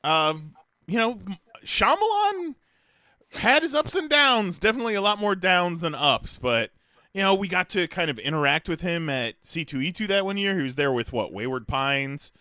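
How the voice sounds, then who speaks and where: Bright, lively male podcast co-host. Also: sits high, moderate pace, no room sound, studio quality. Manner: joking, reads from notes. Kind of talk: casual chat.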